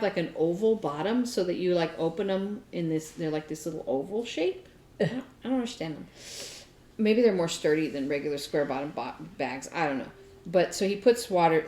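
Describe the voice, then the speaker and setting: A woman co-hosting a craft podcast, telling a story in a chatty, animated way with lots of fillers. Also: fairly low pitch, echoey room. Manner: chatty, animated retelling with many fillers and laughs. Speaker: podcast co-host. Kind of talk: casual storytelling chat.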